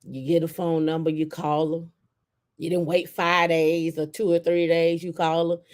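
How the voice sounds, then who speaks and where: A woman host in casual chat, telling stories in an animated way and acting out quotes. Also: deep voice, moderate pace. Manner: animated storytelling with acted-out quotes.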